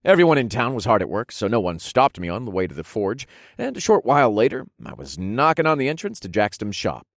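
A man narrating a first-person fantasy audiobook with expressive storytelling, softening for intimate moments. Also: mid-range voice, quick pace, dry recording, clean studio sound.

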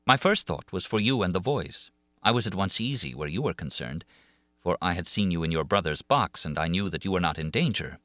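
A male reader voices a young woman singer telling of her haunting in a classic audiobook. She sounds earnest and pleading, and her feeling rises and falls widely, sometimes climbing high. The voice sits low and dry, close to the mic. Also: lively intonation, brisk, fairly bright tone, no room sound. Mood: haunted recounting. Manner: emotive, rising and falling with feeling. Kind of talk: audiobook reading of a classic novel.

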